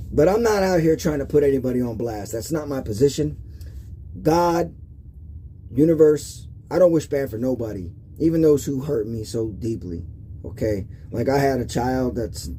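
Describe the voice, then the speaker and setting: A man's voice: mid-range voice, mellow, a little hiss or hum. A middle-aged man giving a casual tarot reading monologue, emotional and confiding, often checking in with "okay?". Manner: emotional, confiding, repetitive with frequent "okay?" asides. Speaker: tarot reader.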